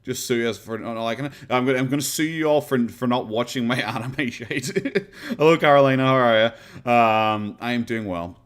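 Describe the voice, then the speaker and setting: Chatting casually on a live stream, a man from Ireland drifts between ideas at a fairly quick pace. He sounds sarcastic and relaxed at a mid pitch, and laughs readily as he goes.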